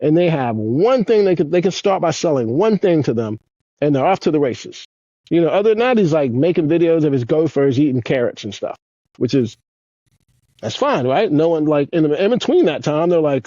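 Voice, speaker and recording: A man chatting as a podcast guest, telling excited stories with lots of swearing. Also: normal speed, dry recording, muffled recording. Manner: excited storyteller, swears a lot, animated swings in pitch. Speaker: podcast guest, former pro skateboarder. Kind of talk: casual interview chat.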